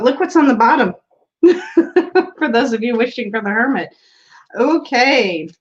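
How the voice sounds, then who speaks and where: A woman hosting a casual tarot livestream, chatting and laughing as she reads viewer comments aloud. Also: a little high. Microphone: streaming setup mic. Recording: dull lo-fi stream audio.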